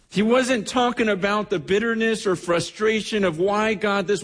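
A male pastor preaching a sermon, telling a story with animated delivery, repeating words and swinging his pitch up and down. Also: moderate pace, hardly any pauses. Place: church sanctuary. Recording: long church hall reverb.

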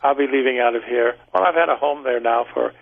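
A man in his seventies, a guest medium, talking and telling stories in a radio interview with a gentle laugh. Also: mid-range voice, fast, vocal fry. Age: 70s. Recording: tinny phone line.

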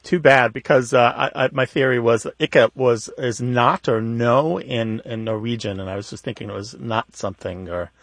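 A man's voice: mid-range voice, moderate pace, creaky, few pauses, a bit bright, no room sound, clean studio sound. A man co-hosting a radio call-in show, joking and asking callers friendly questions. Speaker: co-host of a radio call-in show about words. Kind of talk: casual radio chat. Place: radio studio. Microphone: studio microphone.

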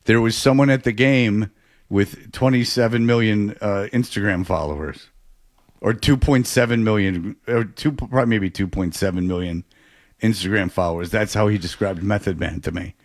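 A man in casual chat, telling a rambling, animated story with many restarts. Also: on the low side, normal speed, dry recording, studio quality.

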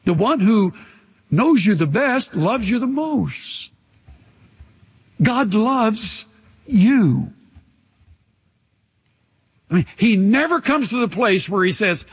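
Husky-voiced man preaching in an echoing hall. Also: high-pitched, animated. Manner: earnest, pauses often, drops to near-whispers for emphasis. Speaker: pastor. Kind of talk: sermon. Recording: long hall reverb.

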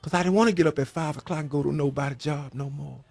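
A man's voice: a little high, quick pace, creaky, a little mellow, husky, no room sound. A man who served prison time, preaching a sermon in a folksy way and repeating his phrases for emphasis.

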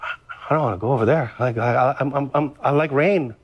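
A male pastor from Hawaii, telling stories in a lively sermon and repeating phrases. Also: mid-range voice, brisk, slightly rough. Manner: storytelling, animated, repeats phrases.

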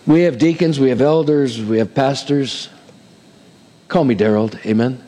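A man's voice: medium pitch, moderate pace, mellow, long reverb tail, poor audio. A male pastor preaching a sermon in a conversational way, asking "amen?" and slipping in light humor.

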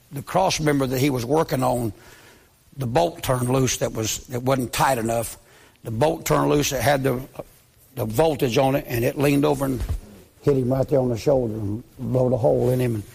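A man's voice: mid-range voice, moderate pace, vocal fry, darkish tone, slightly rough. A man, a pastor preaching a sermon as a story, impassioned and pleading, dropping to near-whispers when quoting others.

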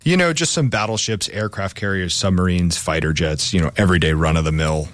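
Brief: male co-host, low voice, reads scripted history segments, dry close mic. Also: brisk, fairly bright tone, no echo. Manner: reads scripted lines with casual asides. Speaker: podcast co-host. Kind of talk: semi-scripted history podcast.

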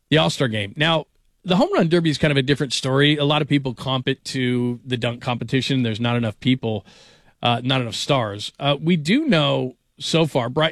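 A middle-aged man hosting a sports talk show, chatting casually and telling animated stories. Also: mid-range voice, no room sound, studio quality.

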